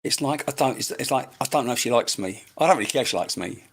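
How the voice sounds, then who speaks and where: Man, psychic medium, live-stream reading, chatty and searching, talks to viewers by name, computer mic, mid pitch. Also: lively intonation, quick pace, fairly bright tone, slightly rough. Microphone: computer microphone.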